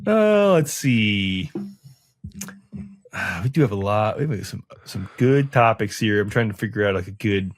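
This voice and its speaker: A man's voice: lowish voice, lively intonation, measured pace, dry recording, clean studio sound. A man hosting a podcast in casual chat, steering the topics. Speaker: podcast host.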